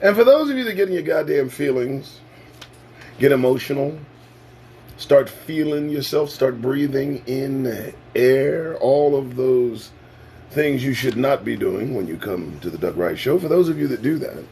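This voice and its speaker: Male talk host: animated, sarcastic sermon-like rant, speaks slowly with big pitch swings. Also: slight background noise. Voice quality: animated, swings from loud bursts to low asides. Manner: preachy, sarcastic, swears freely. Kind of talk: profane freewheeling monologue.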